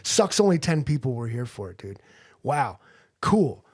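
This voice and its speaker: A man's voice: medium pitch, sing-song, moderate pace, a little mellow. A man rambling through an improvised comedy livestream, crude and loose, leaning on "like" and "you know".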